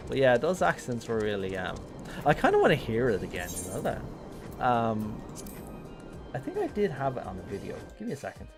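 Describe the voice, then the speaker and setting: An Irish man casually commenting on a game during a live stream, chatty and rambling, often pausing with ums. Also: mid-range voice, huge pitch swings, over music. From Ireland. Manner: chatty, rambling, thinking aloud with many ums.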